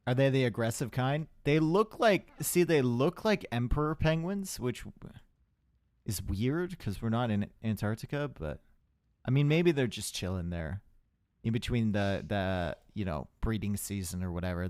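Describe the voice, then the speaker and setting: A man's voice: mid-range voice, animated, normal speed, darkish tone, no echo. Chatty young male game caster, dry sound. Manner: chatty, rambling asides with the chat. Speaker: esports caster. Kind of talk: live game commentary.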